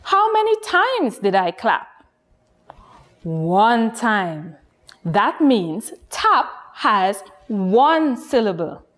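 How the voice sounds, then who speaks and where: Slow, lively-voiced nursery teacher woman. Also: fairly high pitch. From Guyana. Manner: slow, lilting, encouraging teacher voice addressing children. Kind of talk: children's phonics lesson.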